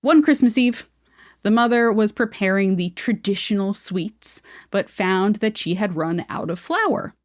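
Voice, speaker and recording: Woman podcast host, playful storytelling, dry voice, medium pitch. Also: animated, measured pace, dry recording. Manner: playful, joking. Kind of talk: casual storytelling chat.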